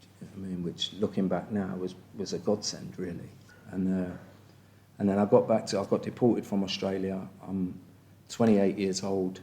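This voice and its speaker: With a deep, dark voice and flat delivery at a moderate pace, a man from England in his fifties gives a blunt personal share at a recovery meeting. He keeps asking "do you know what I mean."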